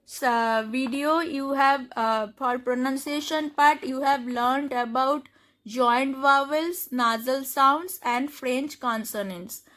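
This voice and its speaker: A woman with an Indian English accent teaching French pronunciation step by step, spelling out letters and repeating each word slowly. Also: high-pitched, fairly bright tone. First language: Hindi. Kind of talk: slow step-by-step pronunciation lesson.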